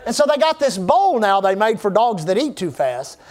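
High-voiced preacher, fervent and rousing. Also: male voice, big pitch swings, moderate pace, darkish tone. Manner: fervent preaching with call-and-response asides. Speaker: pastor. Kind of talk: sermon.

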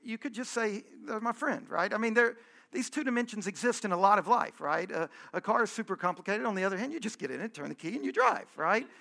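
High, gravelly man preaching a sermon. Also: expressive, quick pace, pushed and bright. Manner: earnest and conversational, with emphatic repetition. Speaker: pastor.

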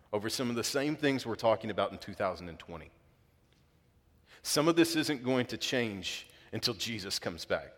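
A man's voice: medium pitch, fairly bright tone. Guy in his 30s preaching, earnest, gets worked up, voice rings out in a big church hall. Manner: earnest, builds up with emphasis, halting restarts. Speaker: pastor. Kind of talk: sermon. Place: church auditorium. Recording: long hall reverb.

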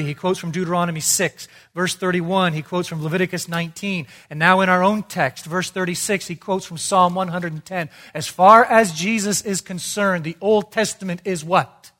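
With a high voice, a man delivers an expository sermon emphatically. He poses rhetorical questions and swings between quiet and loud passages.

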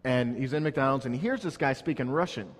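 A man's voice: medium pitch, a little fast, in a large hall. A man preaching a sermon, telling a story and building up to emphatic points. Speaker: pastor.

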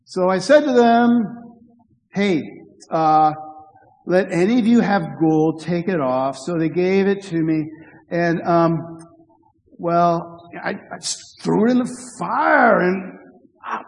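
A man's voice: sits high, slow, big-room sound, poor audio. A man voicing a sheepish man who makes lame excuses, hesitant and stammering with fillers.

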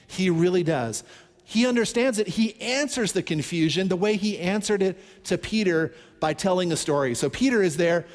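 A man preaching a sermon, telling a Bible story in an animated, conversational way and acting out the characters' pleas. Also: high-pitched, in a large hall. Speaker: pastor.

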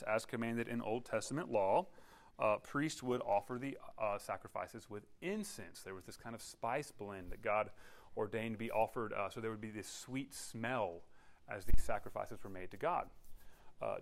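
A man preaching a sermon in an easygoing, conversational way. He walks his listeners through the text, stopping often with quick check-ins and restarting his sentences as he explains. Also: mid-range voice, a bit bright. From United States. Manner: conversational teaching with frequent "okay?" check-ins; restarts and filler-heavy, explanatory. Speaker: pastor.

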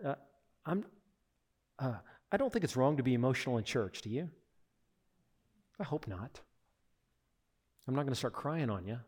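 A male pastor preaching a sermon, shifting from loud exultant praise to quiet, intimate pleading, with joking asides to the congregation. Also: a little high. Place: church.

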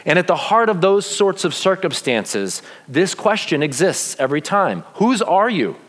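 A man's voice: sits high, normal speed. A man preaching a sermon as pastor, full of rhetorical questions. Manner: animated, asks many rhetorical questions. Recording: long reverb of a large hall.

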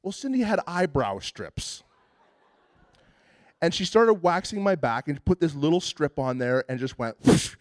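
Male preacher, relaxed storytelling delivery with false starts, slightly raised pitch, dry recording. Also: unhurried, no room sound. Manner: conversational and self-deprecating, with frequent restarts. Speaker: pastor. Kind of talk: sermon.

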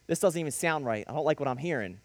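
A man doing a gruff prison guard. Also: fairly high pitch, lively intonation, fast, no room sound, pitched below the performer's own voice. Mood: blunt. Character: gruff male prison guard giving orders.

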